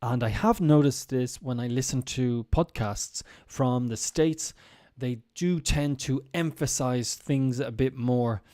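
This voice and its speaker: Mellow-voiced male English teacher. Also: medium pitch, slow. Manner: explanatory, with frequent ums and restarts. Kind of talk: casual live-streamed lesson.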